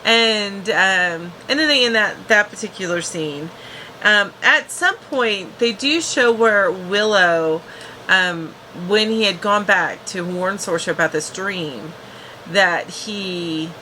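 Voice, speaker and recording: A woman's voice: mid-range voice, bright, forceful tone, a little hiss or hum, poor audio. A woman casually recapping a TV episode as a reviewer, chatty, with frequent restarts and fillers.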